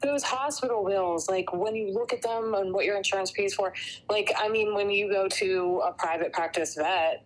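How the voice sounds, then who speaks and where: A woman who works as a veterinary tech, co-hosting a podcast in casual chat, blunt and quick to laugh, with lots of "like" fillers. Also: medium pitch, low-quality recording. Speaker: podcast co-host.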